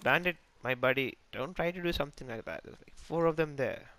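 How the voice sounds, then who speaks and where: Excitable man narrating a shooter game. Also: a little high, brisk, few pauses, a little hiss or hum. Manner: excitable, self-mocking, talks to teammates and enemies. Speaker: gaming channel host. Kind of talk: live gameplay commentary.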